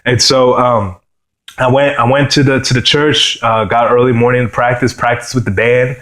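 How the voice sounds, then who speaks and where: A young man from New York sharing his personal testimony as a guitarist, earnest and halting, often saying "you know" and "man.". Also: mid-range voice, little pitch movement, fairly bright tone. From New York, USA.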